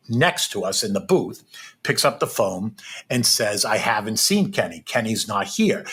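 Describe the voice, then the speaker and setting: Give me a middle-aged man with a forceful, tense voice, animated in his storytelling as a podcast guest. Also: medium pitch, husky. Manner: animated, keeps checking in with "right?". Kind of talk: personal storytelling.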